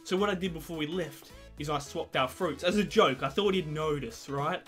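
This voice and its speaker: A man's voice: a little high, normal speed, fairly bright tone, soft background music. A young man telling rambling, sweary, self-mocking stories to camera in a casual vlog. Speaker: vlogger. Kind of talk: casual confessional storytelling.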